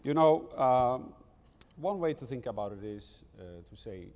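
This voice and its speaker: A man from Iceland answers a panel question at a very slow, deliberate pace. He sounds somewhat far from the mic. A long hall reverb surrounds his voice. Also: medium pitch, expressive, a little mellow. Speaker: head of government.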